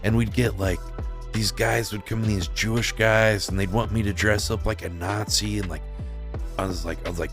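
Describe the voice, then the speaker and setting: A man with a fairly low voice tells a rambling, crude story in a loose, casual way. He leans on fillers and jumps into a higher, louder voice when he acts out what people said. Faint music plays underneath. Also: fairly even intonation, unhurried. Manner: acts out quoted lines in a raised voice. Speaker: streamer telling a story.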